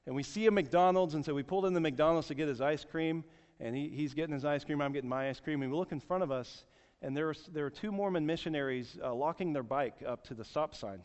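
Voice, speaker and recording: A man's voice: fairly high pitch, fast talker, a little mellow. A man in his forties preaching a sermon, telling a story earnestly and often repeating words. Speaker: pastor. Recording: echoey hall, dull sound.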